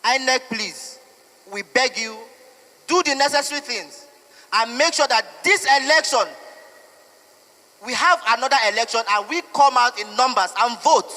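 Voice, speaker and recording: Impassioned Nigerian man, high and bright. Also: normal speed. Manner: emotional, pleading and defiant. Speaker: protester. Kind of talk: impassioned street interview. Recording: echoey hall with long reverb.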